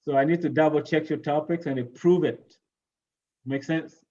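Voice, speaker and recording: A man's voice: on the high side, fairly even intonation, normal speed, mellow, dull audio. A man teaching English pronunciation to a class over a video call, casual and repeating "you know" and "right?".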